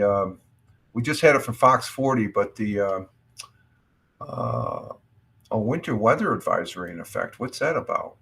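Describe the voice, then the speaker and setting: A man's voice: medium pitch, fairly bright tone, breathy edge. A middle-aged American man hosting a casual morning livestream, rambling with many fillers and restarts. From United States. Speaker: livestream host. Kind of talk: casual morning chat reacting to news.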